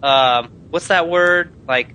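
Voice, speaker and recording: A man's voice: fairly high pitch, takes it slowly, sharp tone, clear, resonant tone, low-quality recording. A man in casual podcast chat, rambling and teasing, searching for words.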